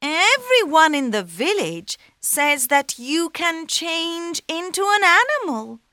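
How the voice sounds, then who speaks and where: A woman voicing a clever male talking cat in a storybook, high-pitched and excitable. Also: slow, dry recording, studio quality, exaggerated voice. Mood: eager. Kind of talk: storybook reading.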